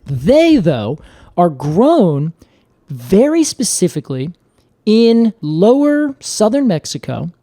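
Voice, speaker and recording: A man co-hosting a podcast, telling the story in a playful, animated way in casual chat. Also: high voice, takes it slowly, dry recording, clean studio sound. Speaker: podcast co-host.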